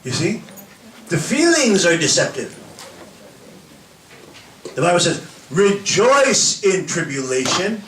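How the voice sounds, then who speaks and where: A man preaching a sermon, animated and laughing often as he acts out little scenes for the congregation. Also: high voice, slow, pauses often, roomy sound, far from the mic, a little hiss or hum, low-quality recording. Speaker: pastor. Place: church hall with an audience.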